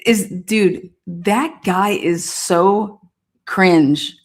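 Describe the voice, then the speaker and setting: A woman's voice: mid-range voice, drawn-out words. A woman hosting a live stream, chatting casually with viewers in a sassy, blunt way and swearing now and then. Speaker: livestream host.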